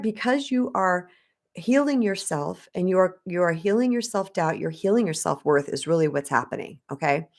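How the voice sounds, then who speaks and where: A middle-aged woman coach talking live to her viewers and reading their chat, emotional and animated, speaking straight to the audience. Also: fairly low pitch. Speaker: spiritual empowerment coach.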